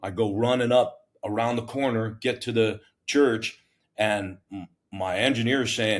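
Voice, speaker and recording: A middle-aged man and fire captain, telling a story in a casual interview in an animated, self-mocking, plain-spoken way with many restarts. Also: fairly low pitch, normal speed. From United States.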